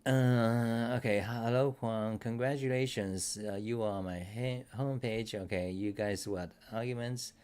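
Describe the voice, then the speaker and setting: A man's voice: mid-range voice, fairly even intonation, unhurried, few pauses, a little mellow, smooth. A man hosting a casual livestream talk show, rambling bluntly with some swearing and answering chat comments. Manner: reads and answers live chat. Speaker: host.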